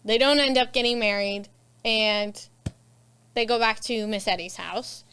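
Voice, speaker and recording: A woman with a fairly high, bright, smooth voice speaks at a measured pace. Co-hosting a casual book club podcast, she recaps a novel's plot and performs the characters' lines.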